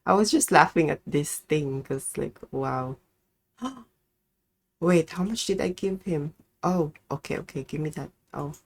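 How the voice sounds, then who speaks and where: Her deep voice is expressive, with a measured pace and vocal fry. She's a young woman from the Philippines livestreaming gameplay, swearing and talking chattily to herself while squealing hellos to customers.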